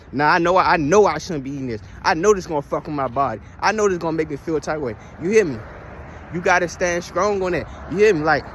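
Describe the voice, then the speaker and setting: A man's voice: fairly high pitch, slight background noise. A man giving a casual motivational monologue, preachy and profane, full of rhetorical questions and repeated lines. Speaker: spiritual vlogger.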